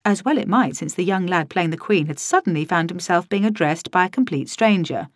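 A woman narrating a story in the first person, in a wry, lively storytelling manner, close to the mic. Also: lowish voice, brisk, no room sound.

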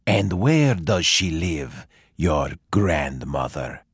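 A man voicing a sly, hungry male wolf who talks slowly and coaxingly. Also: big pitch swings, husky, no echo, clean studio sound, exaggerated voice. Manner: slow, low and coaxing.

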